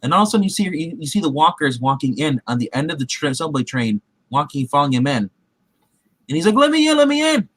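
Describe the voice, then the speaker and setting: This show recap host has a mid-range, husky voice with a fairly bright tone, speaking at a quick pace with no echo. His casual retelling of a TV episode wanders, full of fillers and restarts, and he performs the characters' quotes along the way.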